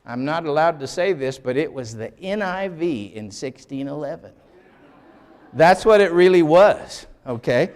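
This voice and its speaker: A man's voice: on the high side, expressive, measured pace, darkish tone. Older man lecturing in a reverberant hall. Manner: emphatic, explains step by step and asks for the next slide. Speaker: Bible lecturer. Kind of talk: classroom lecture with slides.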